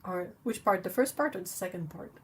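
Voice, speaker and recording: A woman's voice: on the low side, lively intonation, brisk, a little hiss or hum. A woman whose first language is French, hosting a livestream in a rambling, playful chat, often giggling and poking fun at herself. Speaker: livestream host. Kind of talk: casual chat while painting.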